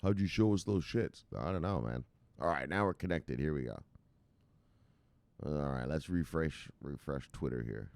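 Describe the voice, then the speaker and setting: A man hosting a crypto channel livestream, reading viewer comments in an excitable, profane, joking way with shouted catchphrases. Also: a bass voice, moderate pace, dry recording.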